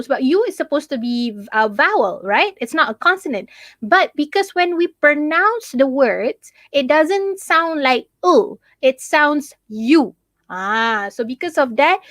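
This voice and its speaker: A woman's voice: high-pitched, fairly bright tone, dry recording. A young Malaysian woman teaching English in a live online class, chatty and mixing in Malay, who keeps checking in with "okay?".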